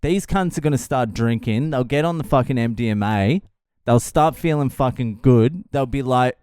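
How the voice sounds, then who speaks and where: A man's voice: medium pitch, normal speed, darkish tone, clean tone, no echo, clean studio sound. An Australian man hosting a podcast, delivering a profane, exasperated solo rant. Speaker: podcast host.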